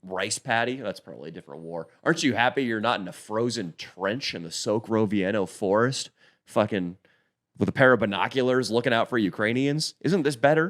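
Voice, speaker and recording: A man's voice: lowish voice, brisk, fairly bright tone. A man co-hosting a podcast in casual chat, joking and swearing a lot. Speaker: podcast co-host.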